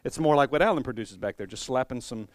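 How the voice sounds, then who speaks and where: A man's voice: medium pitch, expressive, fast, no room sound. A male pastor preaching a sermon in a conversational, humorous and musing way.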